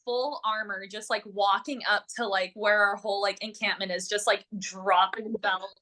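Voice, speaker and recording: A woman, a renaissance fair performer, chiming in eagerly with quick affirmations in a casual podcast chat. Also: medium pitch, steady tone, bright, forceful tone.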